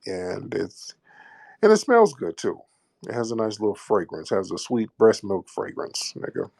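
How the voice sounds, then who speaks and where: A man with a low, gravelly voice hosts a live call-in room. His tone is husky and rough, and he trades crude, profane jokes with callers while mocking them. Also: wildly swooping pitch, normal speed, darkish tone. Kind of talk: casual crude banter with callers.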